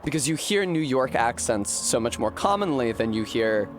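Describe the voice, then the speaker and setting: A man's voice: medium pitch, sing-song, moderate pace, faint music behind. Rambling young American man streaming a game. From Rhode Island, US. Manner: rambling, swears freely, laughs often. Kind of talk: casual chat while gaming.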